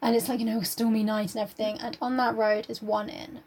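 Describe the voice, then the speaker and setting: A woman's voice: on the high side, little pitch movement, fast, a little mellow, slight background noise. A young woman, co-hosting a casual podcast and retelling and reading a novel aloud. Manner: chatty retelling with "like". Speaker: podcast co-host. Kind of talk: casual book-club chat and reading aloud.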